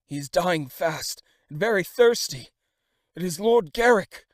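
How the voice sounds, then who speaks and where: A frantic, pleading manservant, put on by a male audiobook narrator. His voice jumps well above the narrator's usual pitch and comes out loud and strained with urgency. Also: animated, unhurried, no echo, studio quality. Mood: desperate. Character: frantic male servant of a dying lord.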